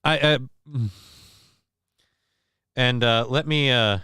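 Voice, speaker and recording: A man's voice: high-pitched, lively intonation, normal speed, a bit bright, clear, resonant tone, no echo, clean studio sound. A man hosting a casual comedy commentary, joking crudely and rambling as he reacts to clips. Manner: crude joking, mock voices, loose rambling. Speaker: host reacting to news clips.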